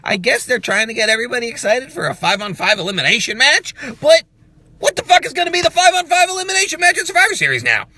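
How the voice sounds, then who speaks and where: A man hosting a wrestling reaction show, ranting loudly with profanity and mockery. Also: very animated, quick pace, dry recording. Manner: loud, profane, mocking, with swings of pitch and volume. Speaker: wrestling review host.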